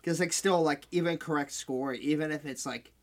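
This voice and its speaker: A man's voice: on the high side, moderate pace. A young man in casual chat among friends, talking loosely with lots of "like" and "dude". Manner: loose slangy talk full of "like" and "dude".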